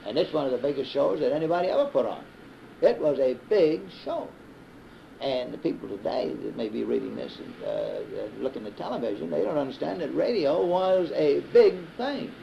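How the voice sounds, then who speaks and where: A man's voice: medium pitch, lively intonation, moderate pace, vocal fry. Man, Southern accent, fifties, rambling storyteller, lots of uh's and restarts, dull old tape with faint hiss. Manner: rambling, repeats himself and restarts with many uh's. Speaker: interviewee, radio broadcaster. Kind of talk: casual storytelling.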